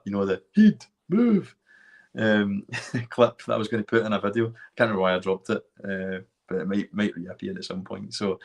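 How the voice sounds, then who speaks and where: Male host, low-pitched, enthusiastic casual chatter. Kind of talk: casual chat. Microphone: video call.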